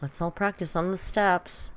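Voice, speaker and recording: A woman's voice: on the low side, fairly even intonation, a little slow, a bit bright, smooth. A woman with a British accent, chatting casually and gossiping as she reacts to video clips and reads viewer comments. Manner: chatty and gossipy, laughs often, muses aloud. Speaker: reaction streamer.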